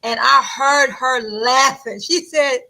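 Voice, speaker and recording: A woman who announces wrestling, chatting in an interview and telling animated stories with plenty of laughter. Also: high-pitched, takes it slowly, gravelly, rough recording. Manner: animated, laughs often, acts out quotes. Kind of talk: casual interview storytelling.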